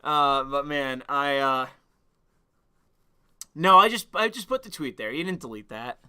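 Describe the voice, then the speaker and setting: A young man streaming and rambling crudely, bursting into excited outbursts. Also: mid-range voice, unhurried, smooth. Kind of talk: casual stream commentary.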